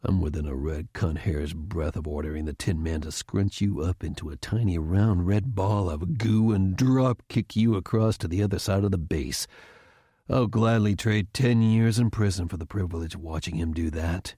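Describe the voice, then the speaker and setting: A man's voice: mellow, slightly rough, no room sound, studio quality. A man voicing a menacing furious general. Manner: low, threatening, deliberate. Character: furious retired male general, cold and menacing.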